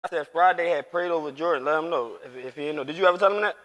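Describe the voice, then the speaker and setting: A man's voice: fairly high pitch, rapid-fire, fairly bright tone. A man chatting casually while gaming on a live stream, rambling and teasing with lots of profanity. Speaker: streamer and father.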